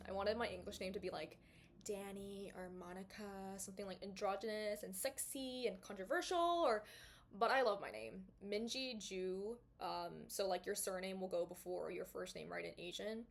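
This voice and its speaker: A woman's voice: medium pitch, creaky. Young woman vlogging from her bedroom, rambly and chatty, lots of likes and ums, little clip mic. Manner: chatty, rambling, full of fillers and asides. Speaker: podcast host. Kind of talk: casual talking-to-camera chat. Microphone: small clip-on mic.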